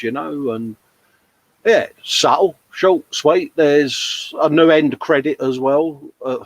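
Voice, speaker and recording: A man's voice: medium pitch, dry recording. Matey male host, casual live-chat patter, dry close-miked sound. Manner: chatty, matey, laughs often. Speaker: host of a live modelling show.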